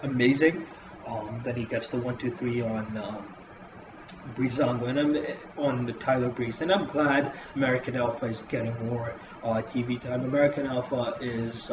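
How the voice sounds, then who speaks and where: Swearing guy rambling thru a wrestling review, echoey room, muffled sound w hiss. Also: medium pitch. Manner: profane, rambling, full of fillers. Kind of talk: casual review vlog. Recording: roomy dull lo-fi with hiss.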